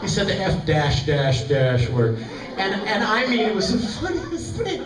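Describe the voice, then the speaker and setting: Animated male panel guest, fairly high voice, stories for a laughing crowd; far-off roomy fan recording. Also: unhurried. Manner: animated, jokey, acts out quotes. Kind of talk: storytelling to a live audience. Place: large convention hall. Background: audience laughter and hall ambience.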